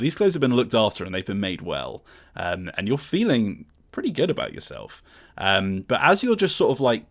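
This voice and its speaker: A man narrating a tabletop game as its game master. His voice sits a little low, and he talks in a loose, relaxed way, full of fillers.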